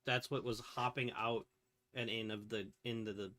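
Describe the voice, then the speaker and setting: A woman co-hosting a podcast in casual chat, playful and quick to chime in with asides. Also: extremely low pitch, fairly even intonation, fairly bright tone. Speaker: podcast co-host. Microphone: streamed podcast mic.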